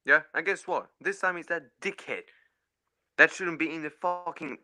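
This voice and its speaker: A man's voice: a little high, normal speed, bright, forceful tone. A man ranting in fury as a caller on a fan stream, swearing and repeating "mate" and "yeah". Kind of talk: angry football fan rant.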